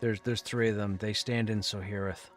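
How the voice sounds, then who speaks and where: A man's voice: on the low side, fairly even intonation, moderate pace, soft background music. A man streaming a game, chatting casually and musing aloud while reading chat questions.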